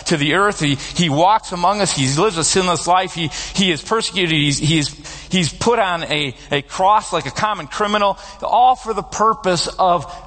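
A man preaching a sermon as pastor, talking in a relaxed conversational storytelling way. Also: high-pitched, normal speed. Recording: long reverb of a large hall.

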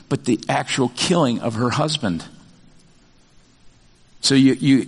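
An older man preaching a sermon as pastor, talking in a conversational, animated way with many fillers and restarts. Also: medium pitch, long reverb tail.

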